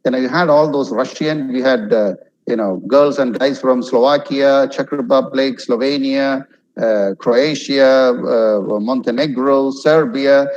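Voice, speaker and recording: A man's voice: medium pitch, a little slow, a little mellow, muffled recording. A middle-aged man from India giving a webinar talk on social skills, speaking conversationally with many fillers and acting out little example lines.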